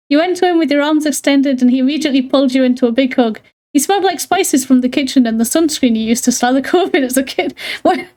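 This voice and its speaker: A woman's voice: high voice, quick pace, mellow. A woman streamer reading a visual novel aloud to her chat, giggling often and breaking off with chatty asides.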